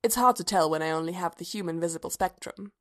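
A woman voicing a dry, sardonic male droid in a storybook reading, with a deadpan manner. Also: lowish voice, quick pace, lightly acted.

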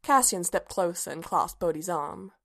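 A woman reading a story aloud in an even, measured audiobook narration. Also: on the low side, gravelly.

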